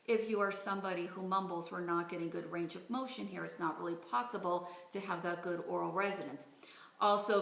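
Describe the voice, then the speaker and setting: A woman in her forties teaches like a speech coach, clear and deliberate. Her voice is bright and sits a little high. The room around her rings with echo. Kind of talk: instructional video lesson. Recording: roomy echo.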